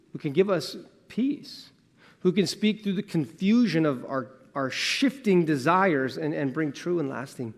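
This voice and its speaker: A man's voice: fairly high pitch, creaky. Earnest male pastor in a reverberant sanctuary. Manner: earnest, swings between emphatic and hushed, asks rhetorical questions. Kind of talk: sermon. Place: church sanctuary. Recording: long church reverb.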